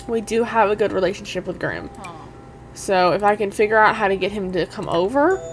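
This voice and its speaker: A young woman giving casual, excitable commentary over a life-sim game, talking straight to her viewers and gushing nervously. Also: mid-range voice, a little fast. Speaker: gaming YouTuber.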